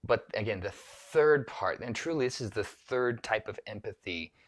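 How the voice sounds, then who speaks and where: Male speaking coach, low-ish voice, loose rambling delivery with frequent restarts. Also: expressive, normal speed. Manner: rambling, self-correcting, with many restarts and filler words. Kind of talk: solo talk to camera on empathy.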